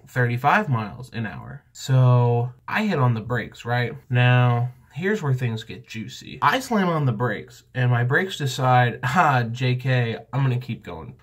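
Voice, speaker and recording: Young male vlogger with a mid pitch who tells a comic story with lots of energy. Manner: animated, excitable, jumps in pitch. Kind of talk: comedic storytelling.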